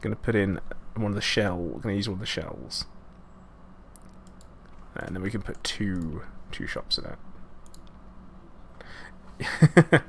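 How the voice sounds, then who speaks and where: A man's voice: low voice, moderate pace, creaky, long pauses, fairly bright tone, slight background noise. A man streaming a game, chatting casually and rambling with self-mocking asides. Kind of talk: casual live gameplay commentary.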